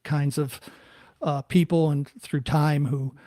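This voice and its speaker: Fairly high-voiced host, halting speech. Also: male voice, fairly even intonation, warm tone, no echo, studio quality. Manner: halting, searching for words, many restarts. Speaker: podcast host. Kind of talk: casual interview talk.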